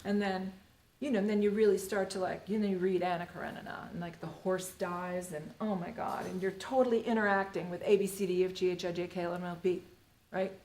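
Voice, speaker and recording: With a lowish, darkish voice, steady tone and quick pace, a middle-aged woman teaches the Alexander Technique at a live workshop. She's chatty and playful, rambling with frequent "you know" and "like". Roomy echo and faint ambient noise surround her.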